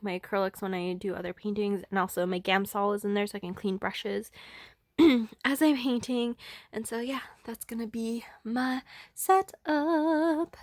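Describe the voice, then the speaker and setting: A young woman talking casually at home, chatty and bubbly, with many fillers and some hushed asides. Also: medium pitch, no room sound. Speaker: vlogger and art teacher. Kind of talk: casual vlog chat. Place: indoors at home, in a bedroom.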